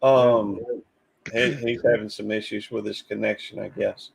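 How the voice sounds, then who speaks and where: A man hosting a casual live stream, talking in halting, repeated starts as he greets callers and tells a dad joke. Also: fairly low pitch, level tone, gravelly, breathy edge, rough recording. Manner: halting, repeats words, cautious. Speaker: stream host.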